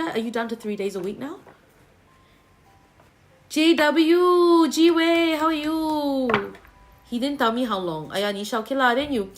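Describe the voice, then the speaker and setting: A woman's voice: fairly high pitch, a bit bright. A woman giving a livestream tarot reading, talking bluntly and chattily to viewers. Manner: blunt, chatty, peppered with "lah" and "leh" particles. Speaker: tarot reader.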